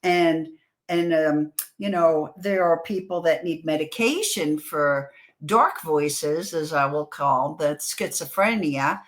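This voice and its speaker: A woman from New York, a guest author telling stories in a casual interview, animated and full of quick restarts. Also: sits low. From New York, USA.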